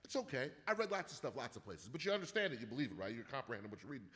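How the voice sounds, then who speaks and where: A man telling rambling, profane stories in a casual chat and building into loud rants. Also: mid-range voice, sing-song, very fast. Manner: profane, rambling storyteller who rants loudly. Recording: long hall reverb.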